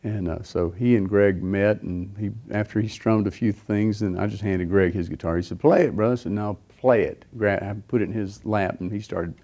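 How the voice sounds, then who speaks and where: A man's voice: fairly low pitch, fairly even intonation, moderate pace, hardly any pauses, warm tone. A middle-aged man preaching, telling a personal story in a rambling way with many fillers and restarts. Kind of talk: sermon testimony.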